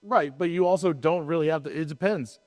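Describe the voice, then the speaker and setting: Higher-pitched man, rambling and emphatic. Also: brisk, darkish tone, big-room sound. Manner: rambling, self-interrupting, emphatic. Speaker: podcast co-host. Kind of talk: casual chat.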